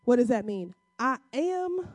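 Woman preaching in a warm, dry voice. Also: a little high, very animated, no room sound. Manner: conversational, emphatic preaching with dramatic pauses; acts out biblical dialogue in casual speech. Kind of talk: sermon.

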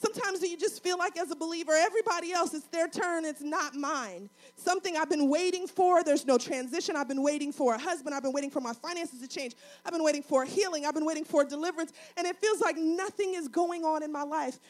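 A woman pastor with a strikingly high voice delivers a sermon. She preaches in a rhythmic, repetitive cadence and pushes into fervent appeals. She sounds middle-aged. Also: fast, hardly any pauses.

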